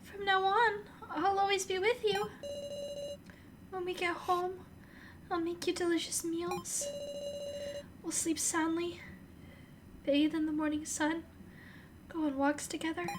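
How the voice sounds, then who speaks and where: A woman doing a sweet, high young girl. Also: level tone, measured pace, long pauses, background noise. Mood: tearful. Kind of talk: reading game dialogue aloud. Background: game music.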